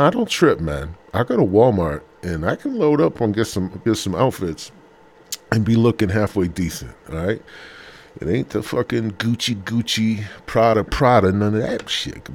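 A man's voice: sits low, darkish tone. A man hosting a solo podcast, rambling in a crude, profane, self-deprecating way with a faint hum behind him. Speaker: podcast host. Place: home room with a humming heater.

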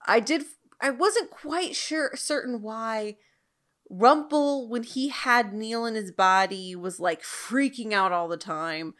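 A woman co-hosting a casual TV recap, lively and rambling. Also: fairly high pitch, slow pace. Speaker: podcast co-host.

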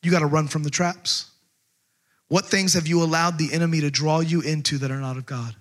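Male pastor, high voice, lively emphatic preaching. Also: a little fast. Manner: energetic, emphatic, repeats words, acts out quotes. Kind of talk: sermon.

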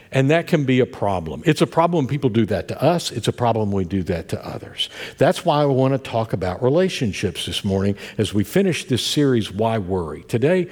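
An older man with an Appalachian accent preaching a sermon, telling folksy family stories with warm asides. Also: mid-range voice, breathy edge. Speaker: pastor.

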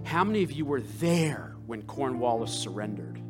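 An American man, a rabbi, preaching a sermon with passion and rhetorical questions, swinging between loud and hushed. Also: medium pitch, sing-song, moderate pace, over music. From United States.

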